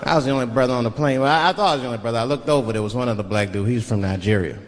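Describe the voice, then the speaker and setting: A man's voice: mid-range voice, very fast, a faint crowd. A male stand-up comedian telling loose stories on stage, breaking into voiced asides. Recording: live stage with loud audience laughter.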